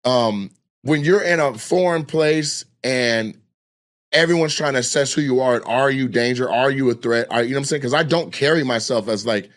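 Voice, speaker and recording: A man from Washington State, a guest comedian, telling a story in casual, animated, profane chat and acting out other people's voices. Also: medium pitch, moderate pace.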